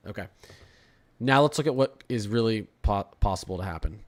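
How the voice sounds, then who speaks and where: A man's voice: on the low side, lively intonation, brisk. Chatty man streaming live weather. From Florida. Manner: chatty, restarts and repeats words, reads chat aloud. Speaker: weather livestream host. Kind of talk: casual live weather commentary.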